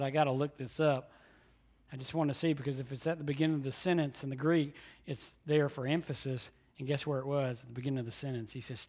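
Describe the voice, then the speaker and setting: High-voiced man preaching with emphasis. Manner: swings from hushed, near-whispered lines to loud emphatic preaching; emphatic, repeats key phrases. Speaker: pastor. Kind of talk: sermon.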